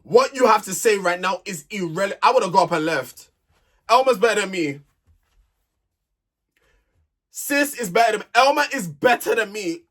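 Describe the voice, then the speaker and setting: A young man with a fairly high voice delivers a sassy, exasperated reality TV review. He talks straight at the people on the show as though they could hear him. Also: a bit bright. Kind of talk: animated solo review rant.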